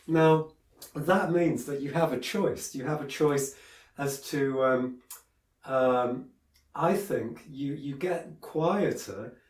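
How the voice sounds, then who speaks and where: A man's voice: fairly high pitch, darkish tone, a little hiss or hum. A man giving a piano lesson, talking in a chatty, digressive way with many fillers and restarts. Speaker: piano teacher. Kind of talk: piano tutorial. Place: room with a piano. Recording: roomy, a bit far from the mic, piano in the room. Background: piano playing.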